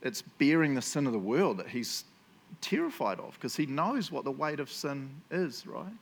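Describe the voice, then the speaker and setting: A man gives a sermon, talking earnestly and casually to his listeners. He often restarts and fills pauses. When he reads a passage aloud, he slows down and gives each phrase weight. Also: medium pitch, animated. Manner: earnest and conversational, with many fillers and restarts; reads quotes slowly and with weight. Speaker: preacher.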